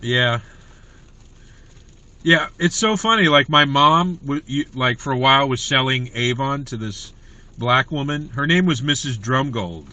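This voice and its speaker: A man's voice: mid-range voice, measured pace, bright, forceful tone, dry recording. A man hosting a comedy livestream, chatting in a rambling way to viewers about his school days. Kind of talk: casual livestream chat.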